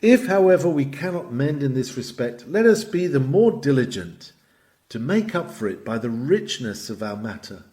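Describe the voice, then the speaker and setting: A man's voice: mid-range voice, very animated, normal speed, mellow. A man reading a sermon aloud with a dramatic, emphatic delivery that swells and drops. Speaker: sermon reader. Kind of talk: read-aloud sermon narration.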